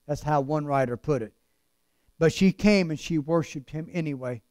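A man preaching a sermon with passion, drawing out key words slowly and then rushing through quick asides. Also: on the high side, a little mellow, no room sound, studio quality. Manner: impassioned, swings between slow emphatic lines and fast asides.

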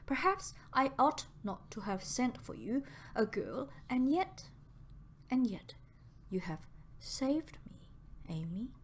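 Woman narrator doing a fragile young woman, low weak voice, breathy, slow. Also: sing-song, a bit bright, a little hiss or hum, full character voice. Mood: contrite.

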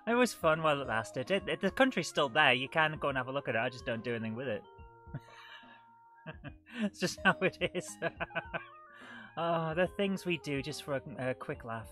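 A woman's voice: sits low, lively intonation, moderate pace, pauses often, a bit bright, faint music behind. A woman, chatting through a live retro game stream, self-mocking and greeting chat viewers. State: coughing and out of breath. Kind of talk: live gameplay commentary.

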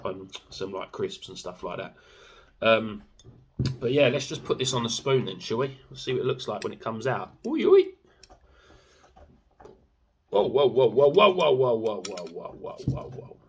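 A man's voice: on the low side, slight background noise. A young man chatting casually in a sauce review vlog, rambling with fillers and swearing freely. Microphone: camera mic.

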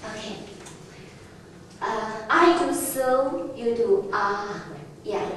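Slow-spoken woman teaching a class. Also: a little high. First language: Chinese. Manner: slow, patient, laughs often, restarts phrases. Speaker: Chinese language teacher. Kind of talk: classroom lesson. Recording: echoey room from far off, faint noise.

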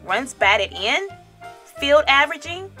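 A woman reading a picture book gives voice to a deaf father who is hungry to learn about the game. He asks short, plain questions with a lively, rising lilt, set a little high, and the tone stays bright. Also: takes it slowly, faint music behind, full character voice. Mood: eager. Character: deaf father, grown man, eager to learn.

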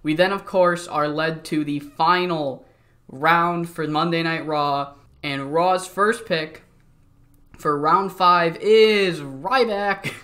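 A man's voice: on the high side, steady tone, takes it slowly, bright, forceful tone. A young man casually narrating a wrestling simulation game, jokey and rambling, with some swearing. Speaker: let's-play host.

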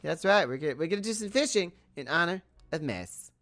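A woman's voice: lowish voice, expressive, brisk, a bit bright. A woman hosting a building video, chatting casually and thinking aloud, with frequent small laughs. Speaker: host.

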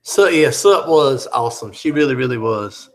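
A man's voice: mid-range voice, expressive, normal speed. A man hosting a live chat, reading out viewer comments and teasing them in a joking, easygoing way.

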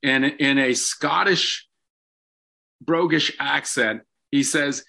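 An older man, a guest in an interview, telling stories from his life in an animated way with frequent ums. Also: mid-range voice, slow pace, vocal fry. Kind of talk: storytelling in an interview.

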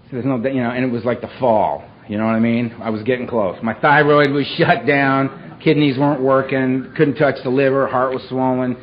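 A man giving a raw, dramatic recovery talk to a live audience, with dark humor and a street-casual way of speaking. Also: medium pitch, fairly even intonation, moderate pace, few pauses. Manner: street-casual, peppers speech with "man" and "you know". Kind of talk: personal recovery story told to a live audience. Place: meeting hall with a live audience. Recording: dull, lo-fi live talk recording with faint hiss.

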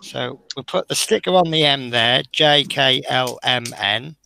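A man's voice: medium pitch, unhurried, vocal fry, bright, forceful tone, a little hiss or hum. A man hosting a live model-building stream, chatting casually and self-deprecatingly as he talks through each step, sounding tired.

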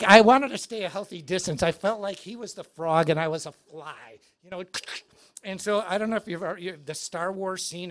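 A man giving a live guitar clinic in a music store, telling stories in an animated, excitable way. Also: high voice.

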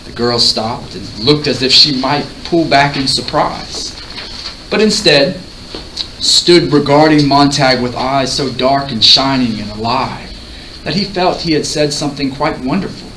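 Male audiobook narrator, expressive, bright timbre, distant roomy recording. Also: medium pitch, unhurried. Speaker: audiobook reader. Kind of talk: reading a novel aloud. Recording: roomy, distant mic, faint hiss.

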